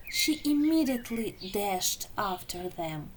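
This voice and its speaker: A woman narrating a children's story in a gentle, hushed, suspenseful way. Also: medium pitch, animated, slow, hardly any pauses, background noise.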